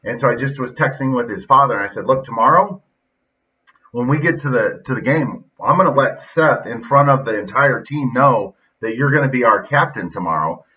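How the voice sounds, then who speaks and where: A middle-aged podcast host and youth football coach delivers a casual, blunt, folksy motivational monologue, retelling stories with quoted dialogue. His medium-pitched voice is expressive and sharp at a moderate pace, recorded lo-fi and dull on a distant mic, slightly off-axis.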